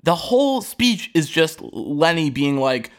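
Lively laughing man recapping a show. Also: on the high side, a little slow. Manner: animated, laughing, acts out characters' lines. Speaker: podcast co-host. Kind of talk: casual chat recapping a TV show.

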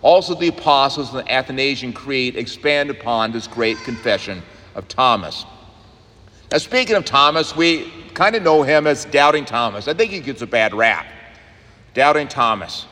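A man, a pastor, preaching an earnest sermon in a church, rising and quickening on key points. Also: medium pitch, expressive, pushed and bright. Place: church sanctuary. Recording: long church reverb.

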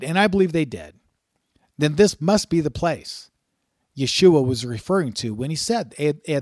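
In a clean studio recording with no room sound, a Bible teacher with a mid-range voice preaches scripture sermon-style. He reads passages aloud emphatically, repeating key words for stress, with frequent "uh" fillers and restarts.

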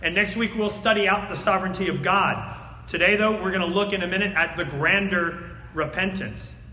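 Male pastor, high bright voice, preaching in a reverberant church hall, dramatic swings from loud to hushed. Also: brisk. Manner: swings between loud emphatic reading and hushed near-whispers. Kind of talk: sermon with scripture reading. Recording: echoey hall.

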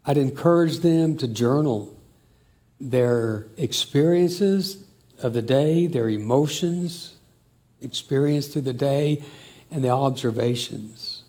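Older man, reflective family storytelling, unhurried, soft dark tone. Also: mid-range voice. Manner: slow, warm, emotional storytelling.

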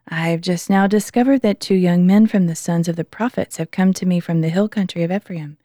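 A woman reading scripture aloud in a calm, measured way, slowing down for the quoted speech. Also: fairly low pitch, no room sound, studio quality. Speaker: Bible reader.

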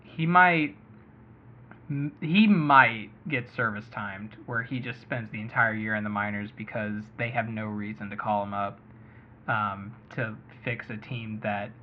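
A man's voice: on the low side, fairly even intonation, a little slow, a little hiss or hum. Guy hosting a sports podcast, rambly and hedgy, kinda muffled lo-fi sound. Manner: chatty, thinks aloud and hedges. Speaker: fantasy baseball podcast host. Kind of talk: casual podcast chat. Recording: muffled lo-fi audio.

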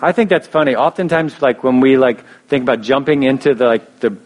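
A young male pastor with a mid-range, slightly mellow voice preaches a little fast in a casual, storytelling way. He often restarts phrases and adds fillers.

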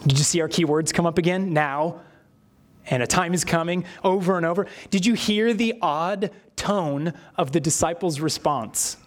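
High-voiced man preaching a sermon. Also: moderate pace. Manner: expressive preaching, acting out quoted voices. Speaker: pastor.

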